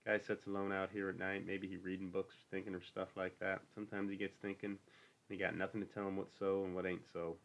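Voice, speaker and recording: A man's voice: low voice, little pitch movement, fast talker, vocal fry, a bit bright. A man reading the part of a lonely, bitter older stable hand who talks in a brooding, needling rural drawl. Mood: lonely, wistful.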